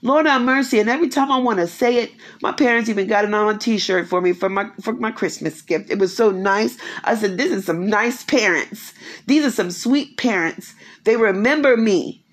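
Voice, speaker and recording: A woman in her 50s, a faith speaker, delivers spiritual encouragement from a quiet home. She speaks at a moderate pace in a mid-range voice, emphatically and repetitively, asking many rhetorical questions.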